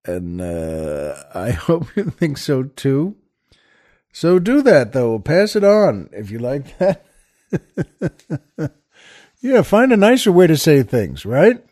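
A man's voice: fairly high pitch, very animated, takes it slowly, pauses often, mellow. A man hosting a podcast, telling jokes in a rambling, chuckling way with many restarts and fillers. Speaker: podcast host. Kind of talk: casual joke telling.

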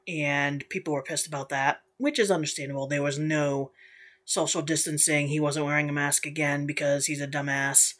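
On her casual solo podcast, this young woman speaks in a low-pitched, fairly bright voice. Her delivery is profane and blunt, full of swearing and punctuated by frequent laughter.

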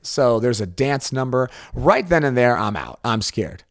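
Guy cohosting a podcast, animated storyteller, dry close mic, normal pitch. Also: measured pace, no echo. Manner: animated retelling, jumps into high silly voices. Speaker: podcast co-host. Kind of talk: casual chat.

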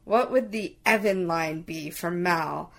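A woman's voice: fairly low pitch, slow pace, vocal fry, fairly bright tone. A woman co-hosting a casual chat, teasing her co-host and laughing often. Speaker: podcast co-host.

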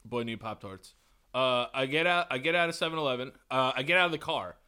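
A man's voice: medium pitch, fairly quick, clean tone. A man from New York telling a story in casual chat as a podcast co-host, swearing and acting out the people he quotes. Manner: animated, swearing, acts out quotes loudly.

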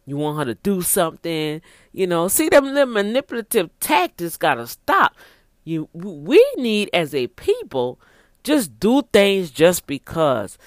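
A man's voice: high voice, sing-song, a little slow, dry recording, clean studio sound. A man giving casual, preachy relationship advice to other men, emphatic and repetitive, often restarting his sentences. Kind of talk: casual motivational talk.

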